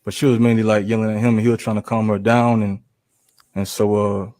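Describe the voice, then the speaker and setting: Brief: young male trial witness, low flat voice, halting testimony, dry courtroom mic. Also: no echo. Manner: hesitant, halting, many restarts.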